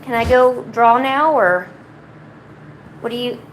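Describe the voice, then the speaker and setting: Woman, casual art streamer at home. Rambling, self-interrupting, drops into a soft coo for her pet. Faint background noise. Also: on the high side, slow, low-quality recording. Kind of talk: casual chat while painting. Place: home, indoors.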